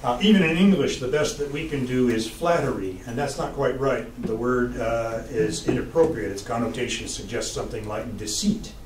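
A man's voice: medium pitch, normal speed, hardly any pauses, darkish tone. A male English professor gives a humorous public lecture with a dry, wry storytelling delivery. The sound comes from a distant mic in an echoey lecture hall, with faint room noise underneath.

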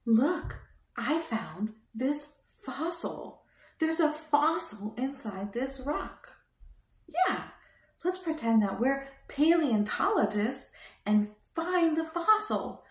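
Slow sing-song woman teaching toddlers. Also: high-pitched, big pitch swings, reverberant. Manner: sing-song, coaxing children to repeat words. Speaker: children's show host.

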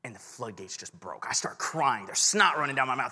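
A man's voice: medium pitch, expressive, brisk, pushed and bright, husky. A young man preaching a sermon, telling a personal story in a casual, self-deprecating way and talking straight to the crowd. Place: large church hall. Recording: long church hall reverb.

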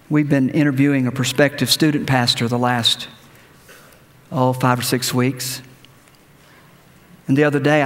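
A man preaching a sermon as pastor, telling a story and leading the congregation in prayer. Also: mid-range voice. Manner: conversational preaching with anecdotes, ends in prayer. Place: church sanctuary. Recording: church hall reverb.

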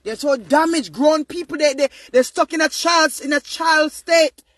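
Emphatic Jamaican man, bright high voice. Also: normal speed, no room sound. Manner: emphatic, often rising to near-shouting. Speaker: vlogger. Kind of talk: casual monologue to viewers.

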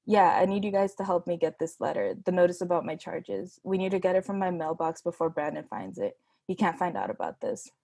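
A woman's voice: on the low side, fairly quick, gravelly, dark tone, breathy edge, no room sound. A woman reading aloud, voicing an anxious young woman in trouble with the police.

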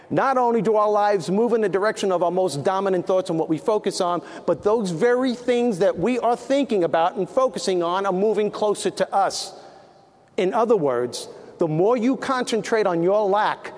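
Emphatic New York keynote speaker. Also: male voice, high voice, a little mellow. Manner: punchy and emphatic, repeating key phrases. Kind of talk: motivational keynote speech. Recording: live talk in an echoey hall, faint room noise.

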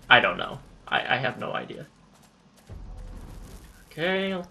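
A man giving casual let's-play commentary during a boss fight, excitable, swearing and yelling at enemies. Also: a little high, measured pace, creaky, long pauses. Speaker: gamer playing through a boss fight.

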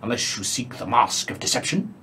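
A man voicing a grandiose, paranoid floating eyeball monster in a tabletop game, booming and indignant. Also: animated, fairly quick, bright, forceful tone, breathy edge, full character voice.

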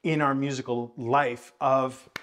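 A man teaching jazz bass in a video lesson, explaining thoughtfully with many hedges and counting and scatting rhythms aloud. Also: little pitch movement, measured pace, noisy background. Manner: thoughtful, hedging explanations with frequent "I think".

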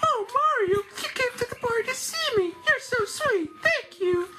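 A woman voicing a sweet, gentle young princess in a very high, squeaky, mouse-like voice, with a sugary, overly polite delivery. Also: lively intonation, normal speed. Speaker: gamer reading dialogue aloud. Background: game music.

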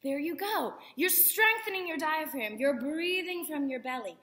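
A woman's voice: high voice, animated, moderate pace, pushed and bright. A young woman acting teacher leading a voice lesson for kids, encouraging and demonstrating breathing and projection exercises.

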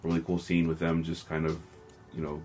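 A man's voice: rumbling low, monotone, brisk, a little mellow, slight background noise. A man co-hosting a podcast, talking loosely about a film in casual chat and swearing freely. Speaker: podcast co-host.

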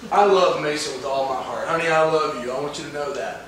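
High-voiced pastor preaching in an echoey church. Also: male voice, a little fast, over a noisy crowd. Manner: emphatic preaching, asks the congregation questions. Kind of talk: sermon. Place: church sanctuary. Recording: echoey church hall from far off.

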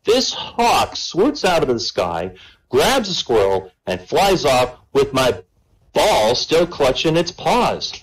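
A man's voice: mid-range voice, takes it slowly, poor audio. A man telling a long joke at an online comedy night, adding "right?" after his lines. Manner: animated storyteller, keeps adding "right?". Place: online voice chat comedy show.

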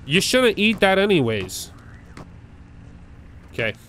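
A man's voice: sits high, very animated, takes it slowly, fairly bright tone, slight background noise. Jumpy man pleading through a horror game. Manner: jumpy, nervous, repeats words in bursts, pleads with game enemies. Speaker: gaming video creator. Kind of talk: live let's-play commentary.

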